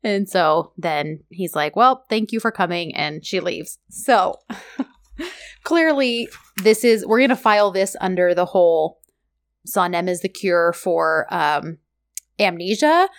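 A woman co-hosting a casual chat, animated and laughing often as she acts out lines. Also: lowish voice, slow, no echo, clean studio sound. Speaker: podcast co-host recapping a TV drama.

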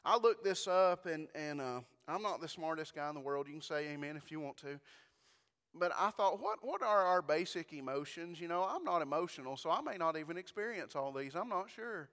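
A man's voice: on the high side, expressive, brisk, a bit bright, long reverb tail. A man preaching a conversational sermon as pastor, often asking the congregation for amens and repeating words as he starts a phrase.

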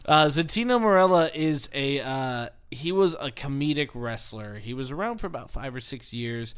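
Male co-host, mid-pitched, casual chat, animated storyteller who laughs a lot. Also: moderate pace, smooth. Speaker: podcast co-host.

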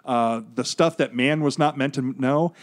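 A man's voice: mid-range voice, normal speed. A man co-hosting a podcast, explaining comic book plots at length in a casual, joking way. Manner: explanatory, jokey, long rambling recaps. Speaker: podcast co-host.

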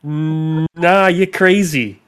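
A man voicing an aloof, self-absorbed young man in a tabletop game, speaking in a dismissive, drawn-out way. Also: a little high, steady tone, clear, resonant tone.

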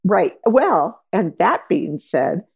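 A woman's voice: lowish voice, big pitch swings, slow, vocal fry, darkish tone, slightly rough. A woman chatting casually as a co-host, blunt and opinionated, calling herself a little grumpy. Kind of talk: casual chat.

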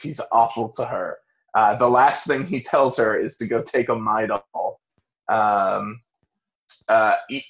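Man, podcast host, casual recap, profane, relaxed, dull lo-fi audio. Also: medium pitch. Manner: relaxed, profane, acts out quotes in bursts. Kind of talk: casual chat recapping a TV show.

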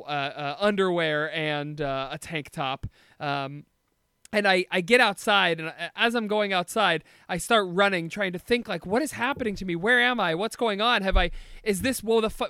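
A man hosting a comedy podcast, playful and quick with improvised bits in casual banter. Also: sits high, pushed and bright, clear, resonant tone, dry recording, studio quality. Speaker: podcast host.

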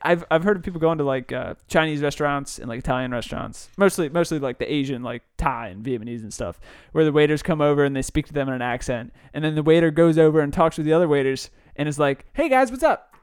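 A man's voice: fairly high pitch, fast, few pauses, a little mellow, smooth, no echo, clean studio sound. A man co-hosting a casual podcast, rambling through stories with frequent laughs and jokey asides. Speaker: podcast co-host.

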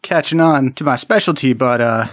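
A man doing a bragging male convict with halting speech. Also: mid-range voice, fairly bright tone, dry recording, clean studio sound, natural voice. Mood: boastful. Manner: halting, full of uhs, sheepish bragging. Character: boastful male convict, horse-fighting enthusiast.

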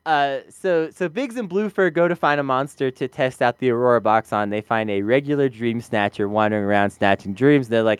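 A man's voice: mid-range voice, a little fast, few pauses, clear, resonant tone, no echo. A man co-hosting a casual review podcast, rambling, laughing often and swearing casually into a close mic. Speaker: podcast co-host.

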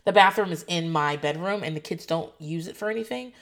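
Chatty woman, 30s, swearing and animated, acts out the voices as she tells it. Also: lowish voice, brisk. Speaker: foster parent telling a story. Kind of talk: casual storytelling vlog.

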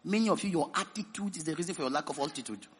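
A man with a Nigerian accent preaching a sermon as pastor, who tells stories and leads the church in shouted prayer. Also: a little high, expressive, very fast. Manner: storytelling sermon building into shouted prayer and tongues.

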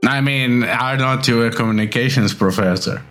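A man narrating a tabletop role-playing game as game master, slow and hesitant with frequent pauses. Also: medium pitch, a bit bright, faint music behind.

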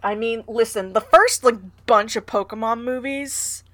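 A woman's voice: a little high, unhurried. A young woman co-hosting a podcast in casual chat, laughing often. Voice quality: laughs often, lively intonation. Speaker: podcast co-host.

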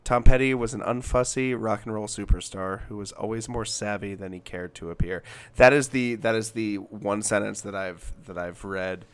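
A young man from Alabama co-hosts a casual music talk. He has a low voice, rambles and keeps restarting his sentences. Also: moderate pace, few pauses, clean tone. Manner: rambling, reads aloud, frequent restarts. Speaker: podcast co-host.

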